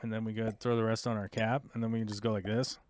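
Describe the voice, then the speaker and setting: A man's voice: on the low side, little pitch movement, fast talker, darkish tone, slight background noise. A man hosting a live stream, talking casually through his moves in a strategy game with wry, sarcastic asides and explaining the controls to viewers. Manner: thinks aloud, wry and sarcastic. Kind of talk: casual play-by-play while playing a strategy game.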